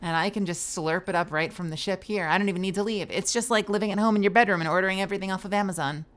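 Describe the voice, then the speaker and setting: A woman streamer chatting playfully through live gameplay commentary, with bursts of squealing and yelling. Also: mid-range voice, very fast.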